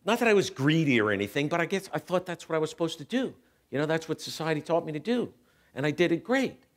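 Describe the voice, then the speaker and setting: A middle-aged guest speaker at a spiritual center tells a personal story in a church hall, using a handheld microphone. His delivery is animated and self-mocking, and he acts out voices. He speaks fast in a slightly high voice.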